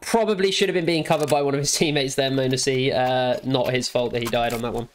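A man's voice: medium pitch, fairly even intonation, fast, noisy background. A man giving casual, blunt, joking commentary as he reviews a match recording, with a case of the hiccups. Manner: chatty, blunt and joking, with frequent fillers. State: has the hiccups. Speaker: esports analyst reviewing a match demo. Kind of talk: casual commentary over gameplay footage.

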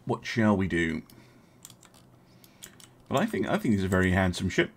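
His voice low-pitched and very animated, a young man streams a strategy game and comments casually. He works through his thinking aloud, chats with viewers, and fills the pauses with many ums and uhs.

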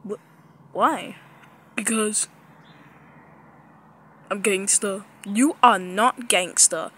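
A woman improvising a squabbling plush-toy show, switching quickly between arguing characters. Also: medium pitch, lively intonation, a bit bright, a little hiss or hum. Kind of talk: improvised toy play-acting.

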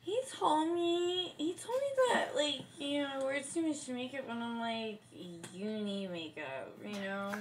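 A woman's voice: high-pitched, expressive, a little slow, few pauses. A woman playing a clingy, melodramatic heartbroken passenger. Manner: melodramatic, swinging between whining and pleading. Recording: noisy sketch audio.

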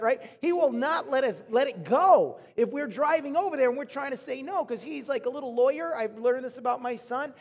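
A man in his thirties, a pastor telling stories in an animated, chatty way as he preaches to his church. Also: very high-pitched, moderate pace. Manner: animated, chatty storytelling to the congregation. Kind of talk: sermon. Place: church auditorium. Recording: long hall reverb.

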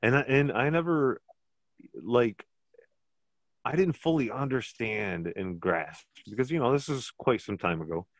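A man's voice: mid-range voice, animated, measured pace, dry recording. A man co-hosting a casual podcast, talking bluntly and rambling, often laughing at his own jokes. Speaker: podcast co-host. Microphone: podcast mic.

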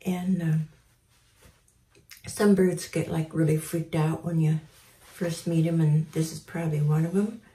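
A woman speaks slowly in a mellow, low-leaning voice, mixing tips with soft, near-whispered baby talk to a bird. She sounds set back from the mic in a roomy, echoing space, as if in an aviary. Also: steady tone. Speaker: bird breeder showing a tame parrot. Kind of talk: casual bird-handling demonstration. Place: aviary indoors. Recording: roomy, from a distance.

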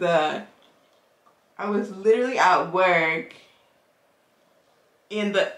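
A woman's voice: fairly low pitch, slow, pauses often. Chatty young woman vlogger with a slight lisp. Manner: chatty, excitable, says "y'all" and "like" a lot. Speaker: vlogger and fashion designer. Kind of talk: casual vlog chat.

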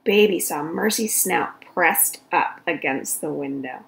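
A woman reading a children's story aloud in an expressive storytelling voice. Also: low-pitched, unhurried, gravelly, hardly any pauses, low-quality recording. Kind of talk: read-aloud storytelling for kids.

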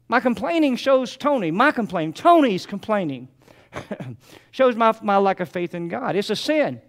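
A man's voice: high voice, very animated, normal speed. An older man preaching a sermon as pastor, repeating phrases and calling out to his congregation.

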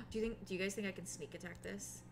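A woman's voice: medium pitch, steady tone, fast talker, gravelly, background noise. A woman streaming a game with casual commentary, swearing freely, laughing and narrating her own moves as she goes. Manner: laughs often and panics loudly. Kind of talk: casual live gameplay commentary.

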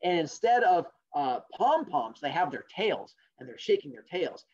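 A male teacher telling fables to an online class, jokey and animated, with sarcastic asides, in a dull lo-fi recording. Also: on the high side, moderate pace, few pauses. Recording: dull lo-fi sound.

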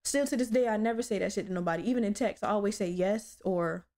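A young woman hosting her own podcast, telling stories in a blunt, profane, animated way. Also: mid-range voice, fast. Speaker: podcast host. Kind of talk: casual solo podcast chat.

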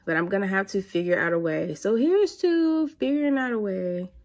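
A woman, chatting casually to camera as a mother and vlogger, animated and prone to high squeals of excitement. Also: moderate pace.

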